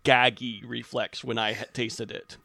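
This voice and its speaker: A man's voice: mid-range voice, little pitch movement, unhurried, gravelly, bright, forceful tone, dry recording. A man in his thirties co-hosting a casual podcast chat, wry and teasing. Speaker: podcast co-host.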